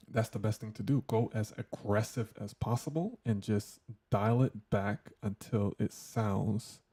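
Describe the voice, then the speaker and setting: Man, tech tutorial host, casual, joking, dark voice, raspy. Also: fairly low pitch. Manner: loose, joking, talks through settings while testing them.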